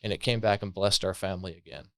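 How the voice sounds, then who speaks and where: A low-voiced man tells his recovery story on a podcast, earnest and thoughtful, often pausing on fillers. The sound is dry and close, with no room echo. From Colorado, USA. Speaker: podcast guest. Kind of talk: personal recovery story, conversational.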